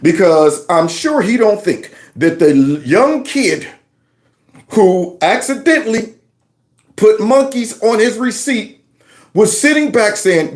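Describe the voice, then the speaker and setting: A man's voice: high-pitched, big pitch swings, takes it slowly. A man hosting his own channel, reacting to news clips with mocking, sarcastic commentary and talking back to what he plays. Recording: roomy echo.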